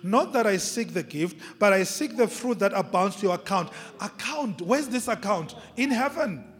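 With faint music and the long echo of a big hall behind him, a male pastor preaches emphatically, repeating key phrases and drawing out words. His voice is high-pitched and a bit bright, with lively intonation at normal speed.

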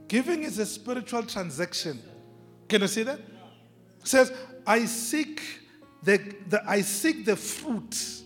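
A man's voice: very high-pitched, expressive, measured pace. A male pastor preaching a sermon with emphasis, repeating key phrases and drawing out words. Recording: long reverb of a large hall, faint music.

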